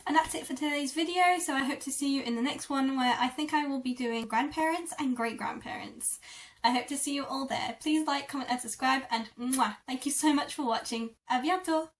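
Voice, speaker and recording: A woman teaching French vocabulary in a lesson video, repeating words slowly syllable by syllable. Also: sits high, recorded from a distance. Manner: slow, drawn-out repetition of words. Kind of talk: language lesson.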